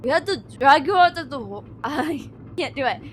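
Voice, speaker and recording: A woman voicing a gruff, accusing male ship officer in a clipped, threatening put-on accent. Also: high-pitched, very animated, unhurried, fairly bright tone, a little hiss or hum, heavily acted. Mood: menacing.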